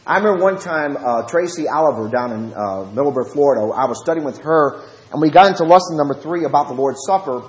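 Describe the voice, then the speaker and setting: A man with a Southern US accent, a preacher telling lively stories from Bible studies and switching between fast talk and slow, low speech. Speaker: preacher and Bible study teacher. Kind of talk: storytelling lesson. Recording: roomy echo.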